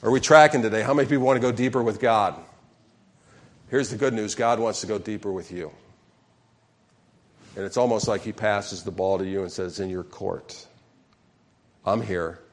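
A man's voice: on the low side, fairly quick, long pauses. A man preaching a sermon as pastor, calling questions out to the congregation and acting out sample prayers.

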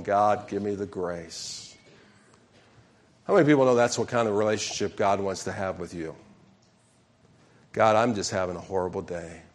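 A man preaching a sermon as pastor, calling questions out to the congregation and acting out sample prayers. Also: on the low side.

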